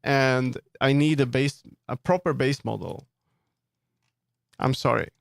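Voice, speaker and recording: A man's voice: mid-range voice, takes it slowly, gravelly, no room sound, clean studio sound. A man streaming live, answering his viewers' chat while he works on 3D models, firm and earnest when he sets limits. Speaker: livestreamer and 3D model customizer. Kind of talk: casual livestream chat, answering chat.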